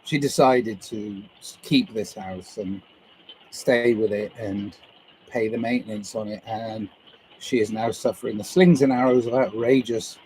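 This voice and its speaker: A man's voice: fairly low pitch, fairly even intonation, unhurried, warm tone, a little hiss or hum, low-quality recording. A man livestreaming to viewers, musing his way through a loose, meandering monologue and swearing casually.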